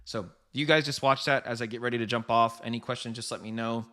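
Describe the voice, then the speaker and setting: A man's voice: mid-range voice, fairly even intonation, fast talker, pushed and bright. A man hosting a live trading stream, talking casually to viewers with frequent laughs as he comments on the markets. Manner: chatty, laughs often, addresses viewers directly. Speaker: trading livestream host.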